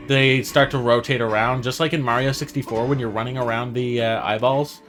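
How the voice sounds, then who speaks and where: A man talks his way through a game run in a loose, rambling voice of middling pitch, thinking aloud as he goes. Quiet music plays under him. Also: steady tone, brisk. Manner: chatty, thinking aloud, laughing at himself. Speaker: gaming channel host. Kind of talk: let's play commentary.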